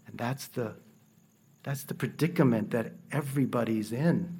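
A man preaching a sermon in an earnest, measured way, asking rhetorical questions. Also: medium pitch, fairly bright tone.

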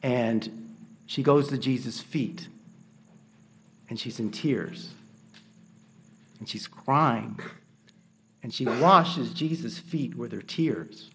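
A man preaching a sermon in an earnest, measured way, asking rhetorical questions. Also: mid-range voice, a little hiss or hum.

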